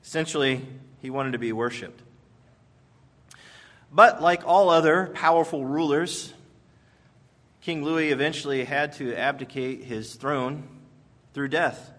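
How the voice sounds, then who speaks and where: A man as pastor, delivering a sermon in an emphatic storytelling manner with measured pauses. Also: fairly high pitch, fairly bright tone.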